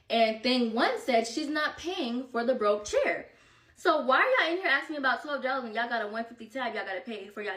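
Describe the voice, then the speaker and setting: A young woman vlogger telling a casual storytime, animated and slangy, acting out text messages as she goes. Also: a little high, far from the mic. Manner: animated, slangy, quoting texts in voices. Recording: roomy, from off the mic.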